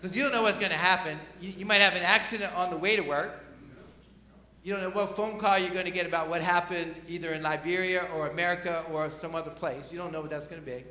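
A man preaching a sermon, emphatic, swinging from loud peaks down to quiet asides. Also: fairly even intonation, fast talker, echoey room. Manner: emphatic, rising to loud peaks then dropping low.

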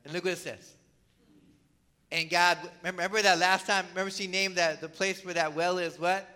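A man's voice: sits high, steady tone, brisk, sharp tone, clean tone. A man preaching a sermon in a conversational way, with rhetorical questions and asides to the congregation. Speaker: pastor.

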